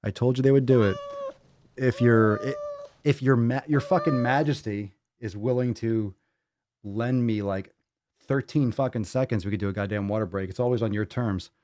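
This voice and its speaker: A man hosting a casual livestream podcast from his home podcast room, loud, joking and profane, cooing at his cat between bits. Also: mid-range voice, normal speed, no echo, clean studio sound. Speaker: podcast host.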